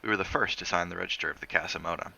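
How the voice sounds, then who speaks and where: A man reading a novel aloud in steady, measured narration. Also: low-pitched, gravelly. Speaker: reader of a novel on a stream.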